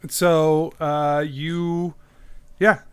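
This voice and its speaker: A man with a higher, smooth and resonant voice runs a tabletop game. He narrates the action in a casual, quick way and laughs easily along with his players. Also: little pitch movement. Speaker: game master.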